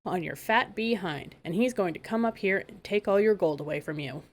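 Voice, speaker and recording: A woman's voice: mid-range voice, expressive, normal speed, lightly acted. A woman reading aloud, voicing a clever, spirited young princess in a storybook.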